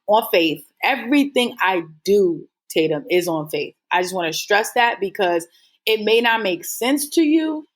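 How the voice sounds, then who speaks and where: A woman guest telling her story in a casual interview, earnest and rambling with lots of fillers. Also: mid-range voice. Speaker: guest entrepreneur.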